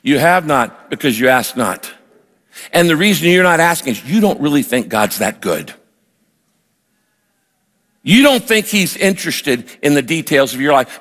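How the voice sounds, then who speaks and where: Animated preacher man in a reverberant hall. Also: fairly high pitch. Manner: animated storytelling, acts out his own prayers. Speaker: pastor. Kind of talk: sermon with personal story.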